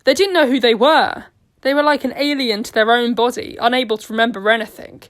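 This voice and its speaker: A woman narrates a homemade audio story with an earnest, steady delivery. Her voice is fairly high, and she reads the scenes aloud without much fuss. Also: brisk.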